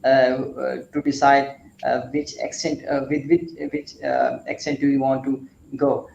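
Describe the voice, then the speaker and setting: A man's voice: mid-range voice, little pitch movement, unhurried, vocal fry, a little mellow, echoey room, dull audio, slight background noise. A man from Pakistan, a student joining an online class discussion, speaking hesitantly with many fillers. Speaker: student on a call.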